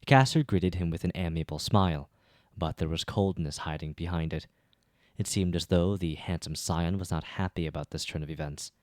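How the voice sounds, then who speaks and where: A man narrating a web novel as an audiobook reader, measured and even. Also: sits low, no room sound, studio quality.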